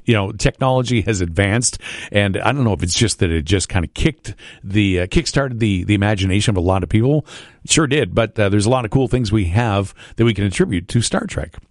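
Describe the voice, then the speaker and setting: A man's voice: on the low side, no room sound, clean studio sound. A man hosting a radio show, chatting casually and joking, with rambling restarts. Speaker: radio morning show host. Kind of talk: casual on-air chat.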